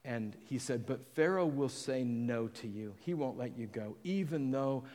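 A man preaches in an emphatic, rising-and-falling cadence, often dropping to near quiet at the end of a phrase. His voice sits at an ordinary pitch and carries a long reverb from a large church hall. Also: expressive, unhurried. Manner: emphatic preaching, quoting scripture, trailing off softly at phrase ends. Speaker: pastor. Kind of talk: sermon.

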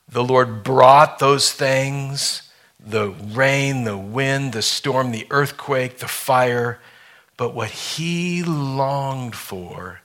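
A man preaching a sermon to his church, reading scripture aloud and slowing down for dramatic effect. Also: medium pitch, bright, forceful tone. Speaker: pastor.

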